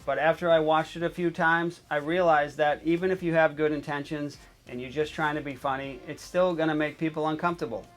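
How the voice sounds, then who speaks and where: A man's voice: on the high side, fairly quick, few pauses, soft background music. Joking male sports betting host. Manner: deadpan delivery, bursts into excited coughing fits. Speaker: comedy show host. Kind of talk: comedic sports betting show.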